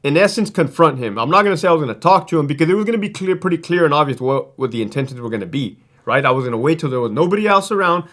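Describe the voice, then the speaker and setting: A man's voice: on the high side, lively intonation, rapid-fire, hardly any pauses, a bit bright. A man who used to be a prison guard tells stories in a casual, profane, streetwise way, rambling and restarting his sentences. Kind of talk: casual storytelling.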